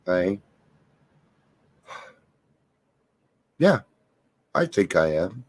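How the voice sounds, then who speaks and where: A middle-aged recovery vlogger talks to camera in an earnest, confiding way, sharing a daily recovery reflection and stories. His voice is lowish and expressive, at normal speed.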